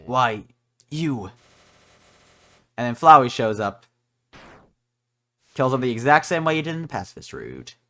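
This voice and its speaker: A man's voice: mid-range voice, huge pitch swings, moderate pace, pauses often, sharp tone. A man giving casual, joking let's play commentary over a video game, rambling and self-mocking. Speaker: gaming video creator.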